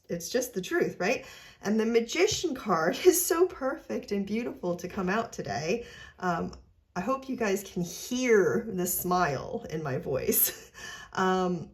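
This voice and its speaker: A woman with a mid-range voice gives an unscripted spiritual tarot reading. She sounds earnest and gently encouraging, and she often closes her sentences with a questioning "right?"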